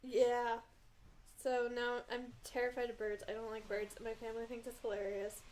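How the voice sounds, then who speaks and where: A woman's voice: a little high, level tone, moderate pace, a little mellow, slight background noise, rough recording. A young woman guest on a podcast, chatting earnestly with ums. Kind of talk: casual chat.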